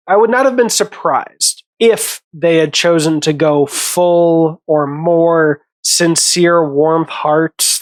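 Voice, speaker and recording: A man's voice: on the high side, no room sound. A man hosting a casual movie commentary, rambling, correcting himself and laughing often.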